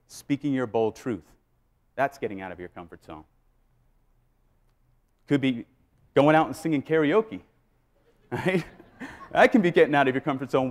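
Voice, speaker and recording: A man giving a motivational keynote speech, telling a story with lively re-enactments to a live audience. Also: mid-range voice. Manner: animated, acts out scenes and voices. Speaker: keynote speaker. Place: live event before an audience.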